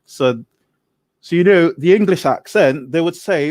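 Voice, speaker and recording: A man's voice: a little high, expressive, unhurried, a little mellow, dry recording. A man from Barbados with a Barbadian accent, chatting as a podcast guest, laughing often as he explains. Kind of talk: casual conversation.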